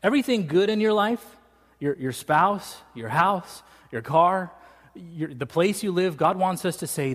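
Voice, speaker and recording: A man's voice: high-pitched, lively intonation, a little slow. A man preaching a sermon as a pastor, in a joking, conversational storytelling way, in a church sanctuary. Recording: reverberant church hall.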